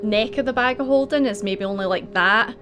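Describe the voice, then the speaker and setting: A woman's voice: on the high side, a little fast. A woman narrating as game master in a casual, giggly way, searching for words with many ums. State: hiccups.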